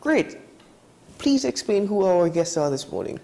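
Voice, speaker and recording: A morning TV host welcomes guests in a very lively, sing-song delivery. The voice has a gravelly, dark edge and a bubbly, easy laugh. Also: mid-range voice, a little slow. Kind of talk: TV talk show hosting. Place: TV studio.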